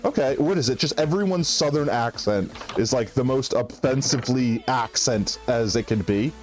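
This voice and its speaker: Casting: male streamer, easygoing rambling chat, faint music under. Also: medium pitch. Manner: chatty, rambling, quick asides. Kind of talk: casual gaming chat.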